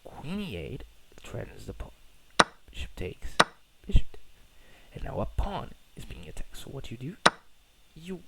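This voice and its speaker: A man's voice: mid-range voice, big pitch swings, normal speed, gravelly. A young man from Portugal casually talking through his own chess game, rambling, self-correcting and slangy, on a cheap mic. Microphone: poor-quality microphone. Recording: cheap mic with loud noise.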